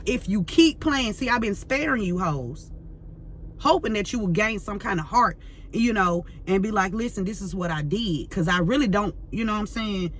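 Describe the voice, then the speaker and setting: A woman's voice: medium pitch, expressive, normal speed, a little hiss or hum. A woman tarot reader ranting to camera, fiery and profane, full of slang and repeating herself as she vents. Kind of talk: heated unscripted rant to camera.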